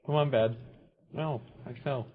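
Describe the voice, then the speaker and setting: A man's voice: mid-range voice, fairly even intonation, unhurried, narrow, tinny audio, background noise. A young man chatting on a live game stream, teasing and giggling gleefully. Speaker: streamer friend. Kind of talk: casual game-stream chat.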